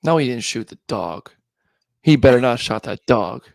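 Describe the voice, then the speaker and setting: A man's voice: mid-range voice, animated, moderate pace, vocal fry, dry recording, clean studio sound. A man guesting on a podcast, chatting casually and playfully, slipping into goofy voices. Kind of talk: casual chat.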